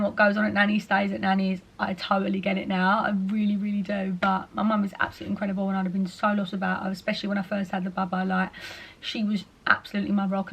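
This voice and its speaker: A young woman talks through viewer questions in a loose, chatty vlog. Her talk is full of "like" and "you know", and she drops into quick voices to quote people. Her pitch sits in an ordinary middle range. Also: creaky, a bit bright. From England. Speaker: vlogger. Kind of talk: casual chat answering viewer questions.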